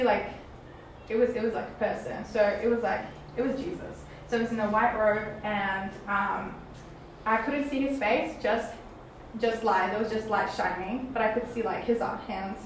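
Young woman, personal testimony, rambling with fillers, fairly high voice, very echoey room, distant mic. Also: normal speed. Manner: rambling, many fillers and restarts. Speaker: testimony speaker. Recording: echoey room from far off, faint noise.

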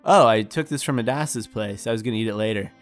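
A man putting on an eager, flustered young male magician who rambles and trips over his words. The voice sits somewhat higher and punchier than the reader's own low tone. Soft music plays underneath. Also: fast talker, natural voice. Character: bumbling young male scholar-magician, nervous, talkative.

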